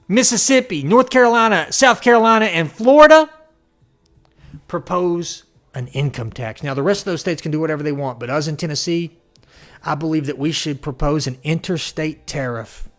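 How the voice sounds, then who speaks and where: A man rants about politics in an angry, profane tirade. He swings between outbursts of shouting and low, menacing growls. His voice sits a little high, and faint music plays behind him. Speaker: political commentator.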